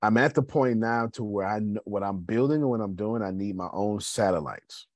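A man hosts a motivational business talk, chatting casually with his listeners about his business and calling them y'all. His voice is lowish, his speed normal, and there's no room sound.

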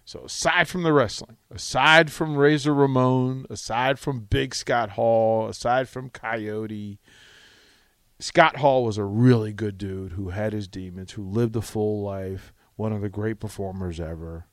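A man hosting a radio talk show, telling a rambling, animated anecdote full of restarts, in a studio on a close mic. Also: lowish voice, a little slow, no room sound. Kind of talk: casual radio storytelling.

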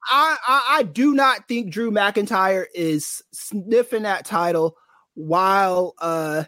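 A man co-hosting a casual wrestling podcast, talking in an animated, opinionated and teasing way. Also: high voice, slow, no echo, clean studio sound. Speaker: podcast co-host.

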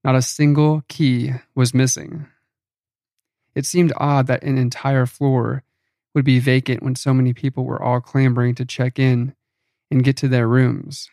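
Gravelly man narrating a horror story. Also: mid-range voice, little pitch movement, measured pace, mellow, no room sound, studio quality.

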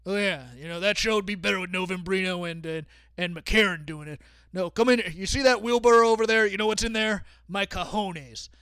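A man's voice: high voice, a little fast, bright, forceful tone, clean tone, dry recording, studio quality. A man putting on the voice of a blustering, domineering older wrestling promoter who bellows his demands. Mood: boastful.

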